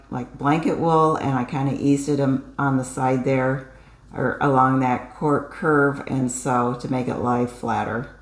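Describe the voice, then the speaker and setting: Very low-voiced woman chatting about crafts. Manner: chatty, with many fillers and restarts. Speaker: co-host. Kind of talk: casual craft chat. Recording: echoey room.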